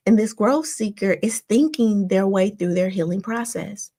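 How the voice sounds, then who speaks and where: Gravelly-voiced woman coaching listeners. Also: lowish voice, moderate pace, few pauses, warm tone. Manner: coaching, repeatedly checks in with "right?" and "all right?". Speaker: therapist and podcast host. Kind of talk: motivational self-help talk.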